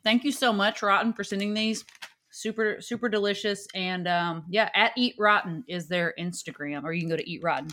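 A woman co-hosting a podcast, chatting casually and reading listener mail in a relaxed way. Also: medium pitch, a little fast. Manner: relaxed, says "dude", reads listener mail. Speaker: podcast co-host. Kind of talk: casual chat.

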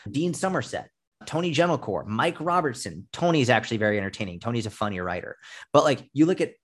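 A man's voice: medium pitch, sing-song, fast talker. A man speaking as a fitness coach guest in a casual podcast interview, blunt and emphatic, with frequent swearing.

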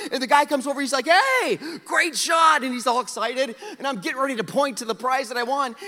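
A middle-aged man from South Dakota preaching a storytelling sermon, animated and self-mocking, acting out his own past lines. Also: very high voice. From South Dakota, USA. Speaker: pastor. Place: large church auditorium. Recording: hall reverb.

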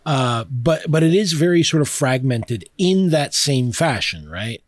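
A man's voice: mid-range voice, expressive, measured pace, no echo, studio quality. A man hosting a podcast in a casual, chatty way, reading passages aloud and laughing easily with plenty of fillers and restarts. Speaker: podcast host.

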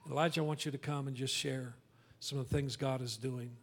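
A man's voice: medium pitch, fairly even intonation, fast, slightly rough. A man, the pastor, speaking earnestly to his congregation and introducing a guest speaker. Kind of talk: sermon.

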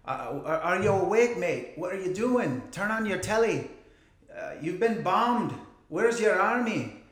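A man's voice: sits high, very animated, measured pace, a bit bright, voice pushed up, full character voice. A man voicing a male friend from Europe with a heavy accent, asking urgent, alarmed questions. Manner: urgent, alarmed questions over a phone call. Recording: roomy echo.

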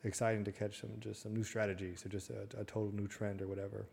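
A man's voice: fairly low pitch, level tone, fast, creaky, darkish tone, slightly rough. A man who once played football, answering casually in an interview, hesitant and full of fillers. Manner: hesitant, many fillers and restarts. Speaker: guest, former football player.

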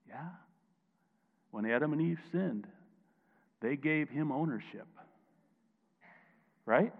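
A man preaching a sermon as pastor, emphatic, dropping quiet and then rising loud, and calling on listeners to answer back. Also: medium pitch. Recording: tinny phone-like sound, long hall echo.

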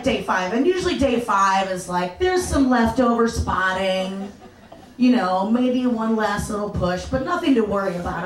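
A woman telling a crude, self-mocking personal story live onstage, animated and laughing through her punchlines. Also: medium pitch. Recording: echoey live room, mic at a distance.

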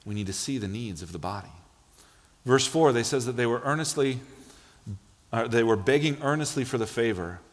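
A man preaching a sermon in a church, telling stories with lively, acted-out quotes. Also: medium pitch, normal speed. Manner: animated storytelling, acts out quotes. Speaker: pastor. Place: church sanctuary. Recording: long hall reverb.

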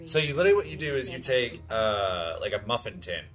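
A man's voice: medium pitch, expressive, fast talker, a bit bright. A man hosting a movie commentary who riffs on the film in a casual, profane, rambling way. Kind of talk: riffing over a film.

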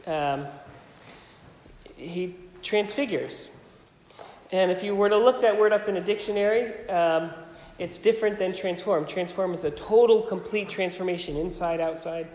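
A man's voice: sits high, normal speed, a little mellow, reverberant, in a large hall, low-quality recording. A man preaching a sermon as pastor, casual and conversational, with frequent ums and restarts.

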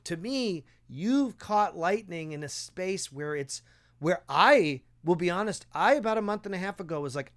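Enthusiastic man, podcast host, higher voice. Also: lively intonation, normal speed. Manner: enthusiastic, affirming, thinking out loud. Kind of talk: casual conversation.

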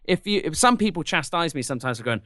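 A man co-hosting a podcast, talking in an animated way and often slipping into silly put-on voices. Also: fairly high pitch, fast, no echo, studio quality. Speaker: podcast co-host. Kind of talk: casual chat.

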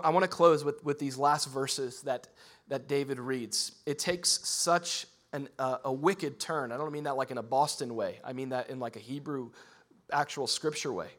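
A man preaching a sermon in a church, talking conversationally and climbing into loud, excited bursts. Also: medium pitch. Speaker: pastor.

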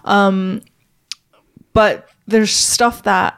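A woman in easy podcast chat, talking hesitantly and searching for words. Her voice is mid-pitched. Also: measured pace. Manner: hesitant, many "like" and "um" fillers. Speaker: podcast co-host. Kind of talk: casual chat.

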